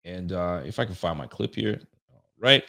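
A man doing casual reaction commentary as a sports fan, excitable and ranting, laughing often. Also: deep voice, normal speed, vocal fry.

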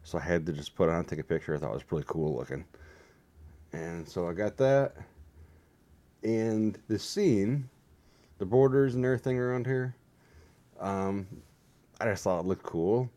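A man's voice: deep voice, normal speed, pauses often, mellow. A tired man chatting in a meandering, self-deprecating way on his own vlog. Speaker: vlogger. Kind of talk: rambling casual vlog.

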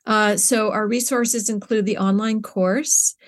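A middle-aged woman with a medium-pitched voice and steady tone talks a little slowly. She's the guest in a conversational interview, a nonprofit co-founder who sounds earnest and searching and often restarts her sentences with fillers.

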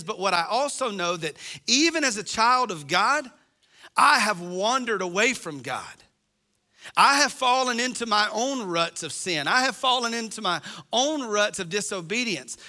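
A man's voice: sits high, pushed and bright. A middle-aged man preaching a sermon as pastor, impassioned and acting out the voices he quotes.

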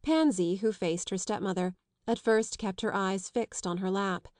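A woman narrating a classic novel as an audiobook, reading steadily and clearly. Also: mid-range voice, steady tone, moderate pace, a little mellow, no echo, studio quality. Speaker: audiobook reader. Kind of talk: scripted literary narration.

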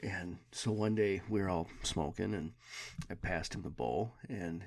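A man's voice: sits low, a little slow, gravelly. A man co-hosting a podcast, telling stories in a laid-back casual chat with dry humor and frequent swearing. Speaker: podcast co-host.

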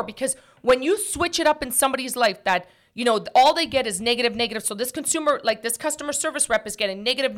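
A woman hosting a talk show, holding forth in a casual, preachy way. Her voice sits a little high, and she leans hard on her points with loose, filler-heavy phrasing. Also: fairly bright tone. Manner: emphatic, preachy, many fillers.

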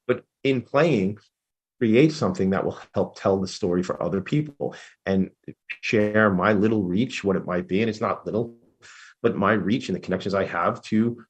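A man hosting a talk radio show, bubbling over with enthusiasm. His voice is husky and a bit low, and he races through his words. He sounds effusive and easily excited. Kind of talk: casual radio interview.

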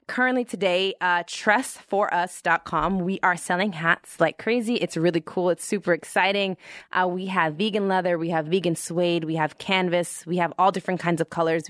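A young woman telling the story of founding her brand in a chatty, expressive way. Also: lowish voice, no echo, clean studio sound. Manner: chatty and expressive, with animated quoted reactions. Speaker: founder of a hair-friendly hat brand. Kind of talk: casual storytelling to camera.

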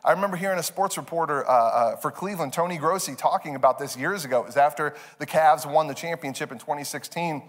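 A man preaches in a lively storytelling style. His voice sits fairly high, and he slips into his kids' voices with bursts of laughter. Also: fast talker, hardly any pauses, big-room sound. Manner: animated, acts out his kids in high voices, laughs often. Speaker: pastor. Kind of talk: storytelling sermon. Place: church stage.

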